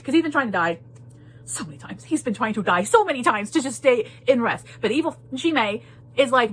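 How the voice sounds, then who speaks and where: A woman's voice: fairly high pitch, animated, a little fast, a bit bright, husky. A woman giving a casual spoiler book talk, emphatic and full of repeated phrases and laughter. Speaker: book reviewer.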